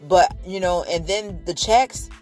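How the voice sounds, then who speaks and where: A woman's voice: lowish voice, measured pace, a little mellow, soft background music. A woman in her fifties sharing a faith testimony in a casual vlog, earnest and emotional, often repeating herself.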